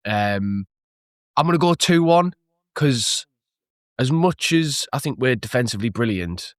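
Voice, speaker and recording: A man's voice: medium pitch, expressive, a little slow, dry recording, clean studio sound. A man co-hosting a casual football podcast, talking with lots of hesitations and laughing easily. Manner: hesitant, laughs often, many fillers. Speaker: podcast co-host. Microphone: remote call.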